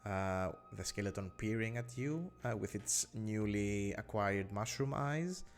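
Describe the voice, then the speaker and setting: Slow, low-voiced man running a tabletop game. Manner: unhurried, many filler "uh"s, hedging descriptions. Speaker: game master. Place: online voice call.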